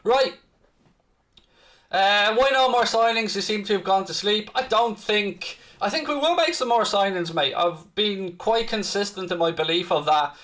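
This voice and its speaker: Upbeat high-voiced man chatting. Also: normal speed, fairly bright tone. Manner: chatty, upbeat, reads out viewer comments. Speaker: fan channel host. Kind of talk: live-stream fan chat.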